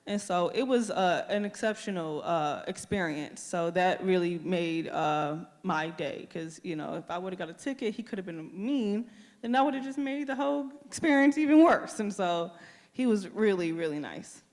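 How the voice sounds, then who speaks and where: A young woman tells a personal story at a community listening session. She is lively and acts out her own reactions as she goes. Her voice carries a long reverb from a large school hall. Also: on the low side, normal speed. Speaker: community member giving public comment.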